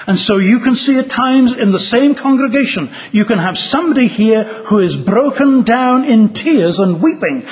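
A man preaching a sermon to fellow ministers, earnest and measured, reading a story aloud with drama. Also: high-pitched, husky.

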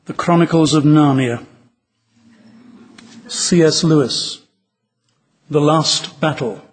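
A man preaching a sermon to fellow ministers, earnest and measured, reading a story aloud with drama. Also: a little high, slightly rough.

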